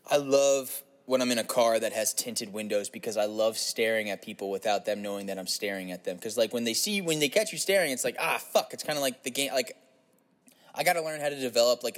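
A man's voice: on the low side, quick pace. Rambling profane young man. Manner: casual, profane, slips into silly put-on voices. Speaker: podcast host. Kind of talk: rambling comic monologue.

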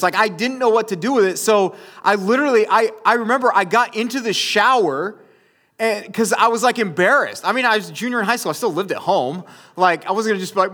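The preacher has a high-pitched, sharp voice and talks fairly quickly. He tells his audience a personal story directly, rambling with lots of fillers and restarts.

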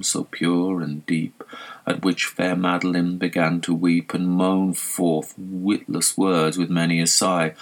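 A man reciting a long narrative poem in a measured, solemn way. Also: low voice, creaky, rough recording. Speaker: poetry reader. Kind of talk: poetry recitation.

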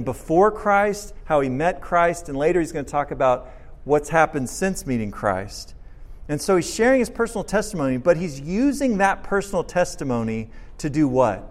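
A man preaching a sermon, reading scripture aloud with emphasis and explaining it to his congregation. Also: on the high side. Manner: explains to the congregation with some restarts. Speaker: pastor.

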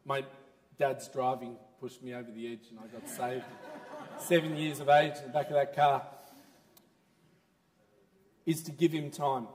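A man preaching a sermon in church, animated and laughing as he talks. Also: mid-range voice, measured pace, long pauses, long reverb tail. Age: 30s.

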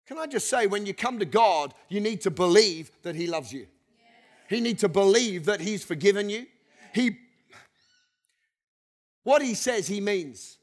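High-voiced man preaching a lively sermon. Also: unhurried, pauses often. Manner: animated, leads the congregation in repeated call-and-response; chuckles between points, conversational asides. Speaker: pastor.

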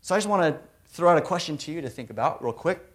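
A preacher giving a sermon to a large room of people, talking emphatically, repeating key phrases and swinging between loud and soft. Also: mid-range voice, animated, quick pace. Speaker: preacher, regional ministry director. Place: large room with a big audience.

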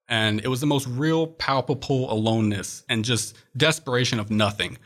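Earnest young man with a bright voice. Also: medium pitch, normal speed. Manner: earnest, reflective, frequent "uh" fillers. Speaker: guest. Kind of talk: personal testimony in interview.

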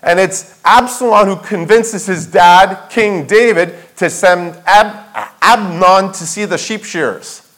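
A male pastor delivers a sermon with a high, ringing voice. He presses his points with rhetorical questions and repeats key phrases for emphasis. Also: slow, a bit bright, poor audio. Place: church sanctuary.

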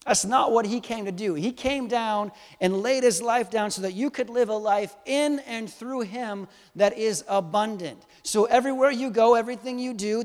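A man preaching a sermon to a live congregation, animated and swinging from soft to loud, teasing and quizzing his listeners. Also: high voice. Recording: long hall reverb.

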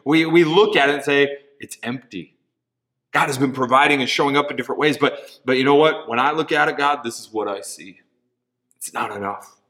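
Earnest bright-voiced male pastor preaching. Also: a little high. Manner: earnest, repeats words, drops to quiet asides. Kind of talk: sermon with object lesson.

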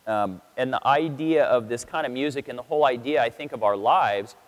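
A man's voice: mid-range voice, fairly quick. A man preaching a casual sermon as a pastor, telling stories and acting out quotes in different voices. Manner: chatty storytelling, acts out quotes in voices. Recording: long reverb of a hall.

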